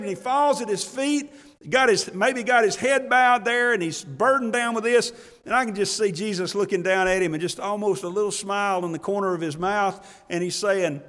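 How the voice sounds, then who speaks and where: High-voiced preacher in an echoing hall. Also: male voice, normal speed. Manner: folksy, animated preaching with chuckles and scripture quotes in old English. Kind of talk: sermon.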